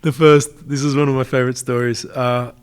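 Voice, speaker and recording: Speaking a little fast in a smooth, medium-pitched voice with little pitch movement, a forties-aged Australian army veteran tells stories as a podcast guest. The interview is casual and chatty, and he laughs often.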